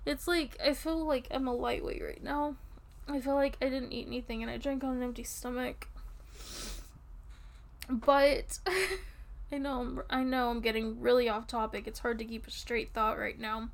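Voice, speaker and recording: A woman playing a tipsy, affectionate young girlfriend in an audio role-play, talking softly and intimately and drifting off topic. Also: fairly high pitch, level tone, moderate pace, gravelly. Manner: rambling, giggly, soft and intimate. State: drunk.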